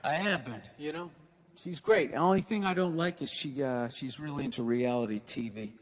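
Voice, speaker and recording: A man from the United States performing a stand-up comedy set on stage, telling stories with loud bursts and acted-out quotes. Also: mid-range voice, normal speed. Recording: live hall reverb, faint noise.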